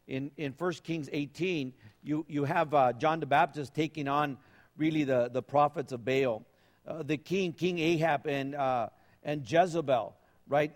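A man with a fairly high voice preaches to a congregation, telling a story in a loose, conversational way full of fillers, restarts and acted-out voices. His words ring with a long reverb in a hall. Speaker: pastor. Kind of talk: sermon.

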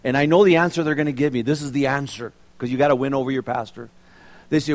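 A man's voice: mid-range voice, brisk. A middle-aged man preaching a sermon as pastor, telling stories and asking the congregation questions. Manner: animated storytelling, rhetorical questions to the congregation. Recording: long reverb of a large hall.

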